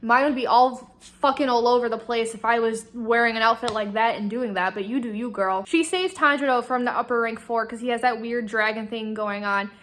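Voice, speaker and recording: High-pitched woman gushing in a casual reading vlog, excitable, swears a lot. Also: brisk. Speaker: vlogger. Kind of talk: casual book-reaction chat.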